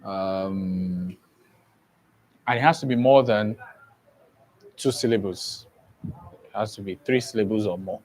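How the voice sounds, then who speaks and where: Slow, deliberate male teacher. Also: on the low side, darkish tone, rough recording. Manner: slow and deliberate, spells words letter by letter and often checks understanding. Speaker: English teacher. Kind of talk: exam-prep grammar lesson.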